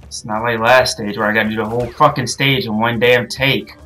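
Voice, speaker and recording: A young woman playing a video game and commenting, cursing and yelling at the screen in frustration. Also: rumbling low, fairly even intonation, a little fast, faint music behind. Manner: frustrated, swears a lot, yells at the game. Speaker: gaming channel host. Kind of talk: let's play commentary.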